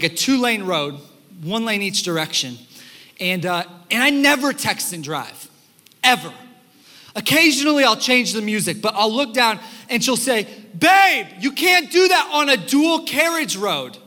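A young man preaching a sermon as pastor, telling stories in an animated, conversational way with fillers, in a church sanctuary. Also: high voice, moderate pace. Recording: long hall reverb in a church.

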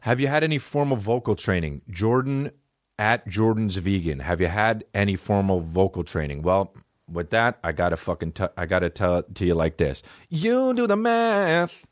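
A man in his thirties hosting a podcast on his own, chatting in a rambling, profane way and breaking into high, silly voices. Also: normal speed, dry recording, clean studio sound. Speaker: podcast host. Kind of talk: casual solo podcast chat.

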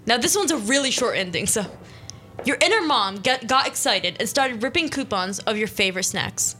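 A young woman hosting a small radio show, reading her own interactive story aloud in a playful, quick way. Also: a little high, animated, pushed and bright, faint music behind. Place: small studio.

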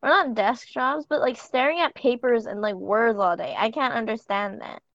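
A young woman co-hosting a podcast, chatting casually in a relaxed, slightly sleepy way. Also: on the high side, no room sound, highs cut off. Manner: relaxed, drawn-out, yawning. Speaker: podcast co-host. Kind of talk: casual chat.

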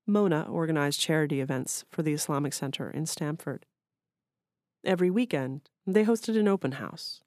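Woman author reading her own fiction: measured, even delivery, low gravelly voice. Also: no room sound, studio quality. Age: adult.

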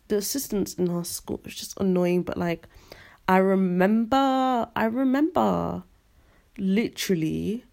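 A young woman hosting a podcast, telling stories in an animated, ranting, slangy monologue. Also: mid-range voice, gravelly. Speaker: podcast host. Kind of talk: casual storytelling monologue.

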